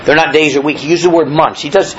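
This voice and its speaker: A man's voice: fairly high pitch, fairly even intonation, quick pace, fairly bright tone, lo-fi sound, a little hiss or hum. A man preaching a sermon, reading verses aloud and explaining them in a plain, conversational way with many restarts. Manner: reads scripture aloud then explains it in plain talk. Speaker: pastor.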